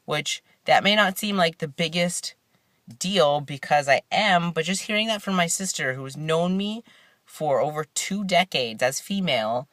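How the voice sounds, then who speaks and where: A man's voice: fairly high pitch, expressive, normal speed, fairly bright tone, no room sound, clean studio sound. Laid-back young man vlogging from his car. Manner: rambling, laid-back, many fillers and restarts. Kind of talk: casual vlog chat. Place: inside a parked car.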